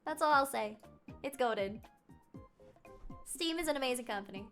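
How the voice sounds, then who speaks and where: A woman's voice: high-pitched, animated, normal speed, faint music behind. A young woman with a light Canadian accent, chatting casually and giggling as she reacts to her stream chat.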